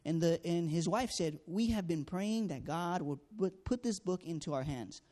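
Speaking at a normal pace, the man has a slightly high, mellow voice. His story is an earnest personal testimony about canvassing door to door, full of fillers, with the conversations acted out.

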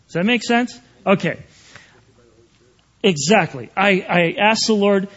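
A man's voice: high voice, unhurried, long pauses, dull audio. A man preaching an earnest, conversational sermon, often checking in with his listeners.

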